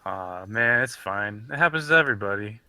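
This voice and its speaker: A man's voice: on the low side, lively intonation, a little fast, bright, forceful tone, no echo. A young man playing a character in a casual tabletop role-play, playful and giggly. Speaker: player.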